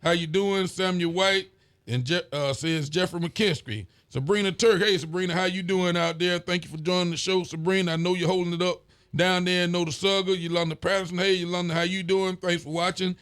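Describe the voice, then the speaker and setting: High-voiced sheriff hosting a show. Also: male voice, fairly quick, clear, resonant tone. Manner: relaxed, folksy, reads out viewer greetings. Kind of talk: casual call-in style show chat.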